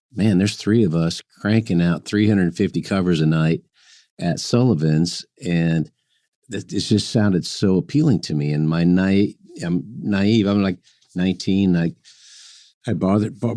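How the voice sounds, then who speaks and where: Deep-voiced man telling easygoing stories. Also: dark tone, no room sound, studio quality. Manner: easygoing, chuckling, with halting restarts. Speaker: chef guest. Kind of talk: anecdotal storytelling in conversation.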